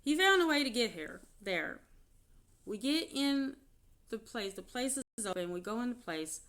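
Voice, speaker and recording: Woman candidly telling a personal story. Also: on the high side. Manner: candid, halting, grows animated when retelling. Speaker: vlogger.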